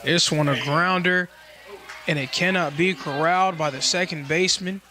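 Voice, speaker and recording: A male play-by-play announcer calling a college baseball game. His voice sits a little high for a man and has a bright, forceful edge. He keeps a steady, informative delivery between pitches. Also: normal speed, faint music behind. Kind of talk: live baseball commentary.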